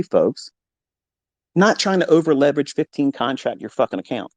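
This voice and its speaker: A middle-aged man, a trading mentor, talking unfiltered in a live audio room from his home basement, blunt and heavily profane, at times breaking into heated yelling. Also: medium pitch, big pitch swings, moderate pace, a little hiss or hum.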